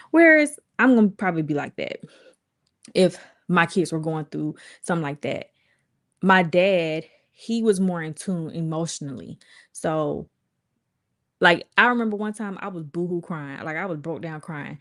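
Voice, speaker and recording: A woman with a fairly low voice chats candidly to her livestream viewers. She rambles through asides and quotes other people, speaking. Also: normal speed. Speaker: vlogger and livestream host. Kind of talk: casual chat to viewers.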